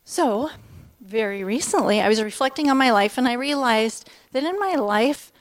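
A woman in her fifties speaks to a church gathering, sharing a personal testimony. Her voice sits a little high, and she talks candidly and from the heart, in a loose conversational flow with plenty of "um"s and restarts. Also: animated, moderate pace. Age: 50s.

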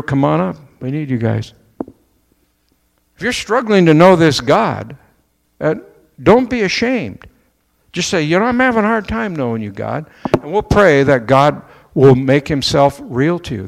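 A man's voice: a little high, gravelly. A man preaching a sermon as pastor to his church, talking in a conversational way, firing off rhetorical questions and mimicking doubters. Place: church sanctuary. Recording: echoey church hall, long reverb.

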